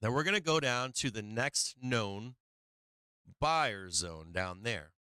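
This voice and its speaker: Bright, crisp man streaming market commentary. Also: medium pitch, expressive, takes it slowly, dry recording. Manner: profane, chatty, laughing while watching charts. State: strained, tiring voice. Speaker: livestream trading host.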